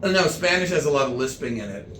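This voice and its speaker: A man telling comic stories in meandering, halting chat full of restarts. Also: mid-range voice, lively intonation, a bit bright, reverberant, a little hiss or hum. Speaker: comedian. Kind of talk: rambling comedic chat.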